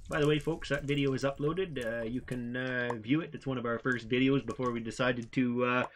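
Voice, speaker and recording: A man's voice: mid-range voice, fairly even intonation, a little fast. A man co-hosting a casual gameplay commentary with his daughter, goofy and joking, humming little tunes between remarks. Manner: goofy and playful, hums and jokes. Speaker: father co-hosting a gameplay channel.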